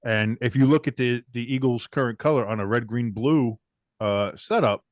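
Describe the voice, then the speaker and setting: Sports podcast co-host, man, animated, profane, ranting; dry, close sound. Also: mid-range voice, moderate pace, no echo, muffled recording. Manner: animated, swears freely, ranting. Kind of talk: casual sports chat.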